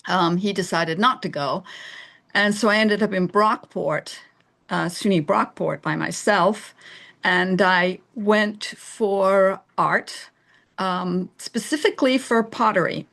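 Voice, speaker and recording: A middle-aged woman from England, a guest in a casual interview, telling animated stories and laughing often. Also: medium pitch, slow, creaky. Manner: animated storyteller, laughs often, acts out voices.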